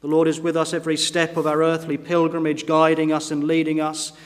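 Earnest high-voiced preacher in a reverberant church. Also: male voice, monotone, a little fast. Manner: earnest, emphatic preaching, rising in force at key points. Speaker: pastor. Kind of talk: sermon. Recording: long reverb of a church hall.

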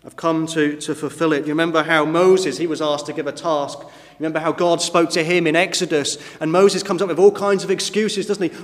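A man's voice: fairly high pitch, fairly even intonation, a little fast. Preaching man in a reverberant hall. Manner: rhetorical questions with tag questions. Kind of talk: sermon.

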